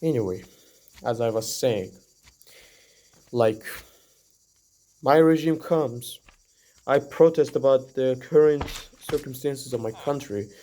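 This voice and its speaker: A man's voice: medium pitch, slow, pauses often, dark tone. A young man from Iran giving a rambling, earnest opinion monologue to the camera, full of "like" and "you know". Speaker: vlogger.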